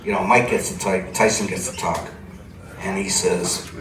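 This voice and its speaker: A man's voice: low voice, flat delivery, normal speed, a crowd in the background. An older man from Cleveland, a television personality, telling rambling anecdotes to a live supper club audience with plenty of chuckling. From Cleveland, USA. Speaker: TV personality telling stories on stage. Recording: echoey club from a distant mic, audible ambience.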